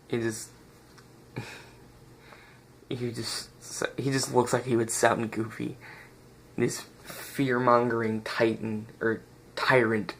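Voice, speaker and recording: A man's voice: mid-range voice, vocal fry, a bit bright, a little hiss or hum. A man giving a casual, rambling toy review recorded on a phone, often stopping to search for the right word and restarting his sentences.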